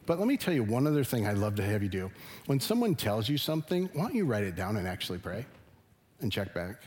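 Speaking fast in a slightly mellow, lowish voice with big swings in pitch, this middle-aged pastor preaches a sermon in a church sanctuary. He's earnest and conversational, and his emphasis keeps climbing.

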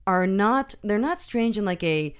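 A woman hosting a casual film review chat, eager and agreeable, with halting phrasing. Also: medium pitch, lively intonation, smooth.

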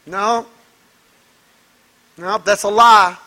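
Pastor guy preaching, really high voice, slow and emphatic, keeps asking the crowd questions. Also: expressive, pushed and bright. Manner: emphatic, asks the congregation rhetorical questions. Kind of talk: sermon.

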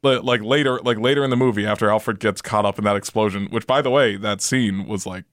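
A man's voice: fairly low pitch, fast, a bit bright, no echo, studio quality. A man chatting casually about a movie, rambling with lots of fillers and restarts.

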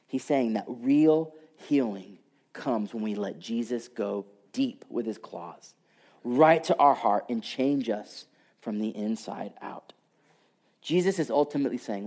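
A man preaching a sermon, telling a story and moving between loud passages and hushed, whispered lines. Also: on the low side, animated, moderate pace. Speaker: pastor.

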